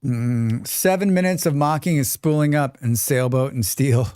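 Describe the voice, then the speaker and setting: A man's voice: medium pitch, moderate pace, a little mellow, clean tone, dry recording, studio quality. A man streaming a survival game, chatting casually and rambling while reading chat aloud.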